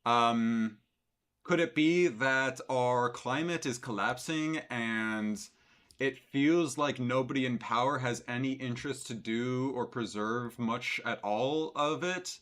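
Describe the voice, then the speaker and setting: A man's voice: medium pitch, slow pace, a bit bright. A man streaming live, reacting to a clip with sarcastic, rambling commentary full of fillers.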